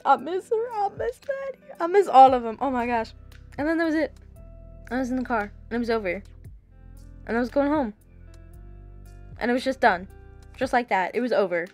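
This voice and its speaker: A woman's voice: sits high, animated, fairly quick, pauses often, a little mellow, faint music behind. A young woman in her late teens narrating her vlog in a chatty, gushing way. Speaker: vlogger.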